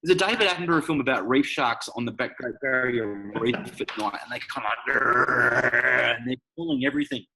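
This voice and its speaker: Podcast guest, forties, blunt and profane, bright and forceful tone. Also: male voice, medium pitch, normal speed, gravelly, hardly any pauses, low-quality recording. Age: 40s. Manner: blunt, profane, animated storytelling. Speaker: sales coach guest. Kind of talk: casual podcast chat.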